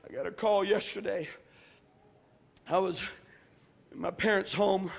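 A man preaching a sermon as pastor, shouting his lines with a rhythmic "uh" between phrases. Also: high voice, fairly even intonation, unhurried, creaky. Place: church.

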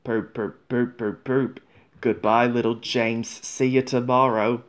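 A man's voice: mid-range voice, level tone, slow pace, lightly acted. A man voicing a proud big male express steam engine, who talks in a boastful, patronizing way.

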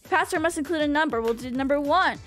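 A woman's voice: high voice, fast talker, fairly bright tone, soft background music. A young woman streamer chatting casually with her viewers in a bubbly, rambling way and swearing now and then. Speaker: VTuber streamer. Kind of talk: casual livestream chat with viewers.

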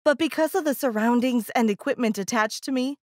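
Higher-pitched woman narrating a story. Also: fairly quick, darkish tone, no echo, clean studio sound. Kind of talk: first-person story narration.

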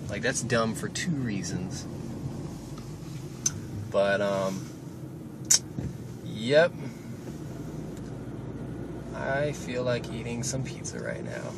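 Young male vlogger, rambling, profane talk from a moving car, clear road noise under the phone mic. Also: mid-range voice, very animated, takes it slowly, pauses often. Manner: rambling, swearing, offhand. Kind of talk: casual rambling vlog. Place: inside a car, driving. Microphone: phone camera held while driving. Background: engine and road noise.

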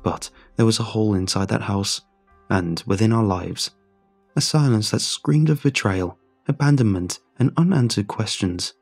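Low husky guy reading a horror story, slow and somber, faint music behind. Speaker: narrator. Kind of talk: scripted horror narration.

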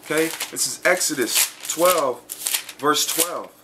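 Over a noisy background, a man with a voice on the high side preaches emphatically and reads scripture aloud. He frequently checks in with "okay?" and "man," slowing his delivery to stress words.

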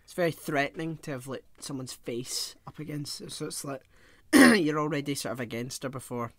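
A man co-hosting a podcast in casual film chat, relaxed and hesitant, often trailing off quietly. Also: a little high, normal speed, no echo. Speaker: podcast co-host.

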